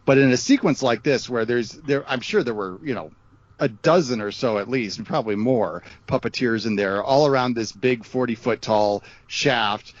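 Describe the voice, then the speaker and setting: A man chatting as a podcast guest, his voice mid-pitched. He rambles, restarting his sentences and leaning on filler phrases. The sound is dry and muffled, like a lo-fi remote call. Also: animated, normal speed, dry recording. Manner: rambling, with restarts and many "you know"s. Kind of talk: casual chat.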